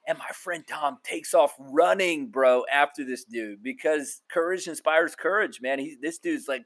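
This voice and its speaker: A man on a podcast as a guest, telling a testimony in a lively, colloquial way. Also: a little high, moderate pace, hardly any pauses. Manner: animated, colloquial, addresses listener as bro. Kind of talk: storytelling testimony.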